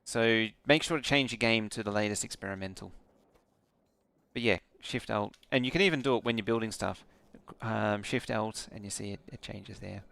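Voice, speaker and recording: Streamer, young man, low gravelly voice, sleepy and rambling. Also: a little fast, bright, forceful tone. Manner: rambling, with frequent ums. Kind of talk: casual gameplay stream commentary.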